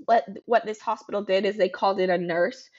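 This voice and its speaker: A woman in her thirties, a podcast guest, telling a personal story in a halting, emotional way with frequent ums and restarts. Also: mid-range voice, steady tone, a little mellow, lo-fi sound.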